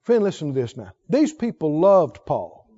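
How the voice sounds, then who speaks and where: A man's voice: a little high, very animated, moderate pace, warm tone. A male preacher delivering a fervent sermon, exhorting and calling on the congregation to answer back. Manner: fervent, exhorting, calls for audience response. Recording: dull lo-fi recording.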